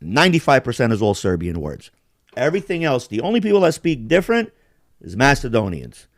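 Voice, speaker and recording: A blunt podcast host rambles through his opinions, swearing freely and shrugging things off. His voice moves around a lot in pitch. The sound is dry and close. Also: wildly swooping pitch, a little fast, no room sound. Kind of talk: casual podcast chat.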